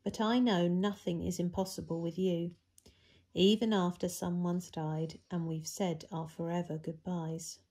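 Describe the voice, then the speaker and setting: A woman's voice: fairly low pitch, flat delivery, unhurried, mellow, slightly rough. A woman voicing a worried, grieving woman who pleads earnestly with a friend, in a children's Bible story.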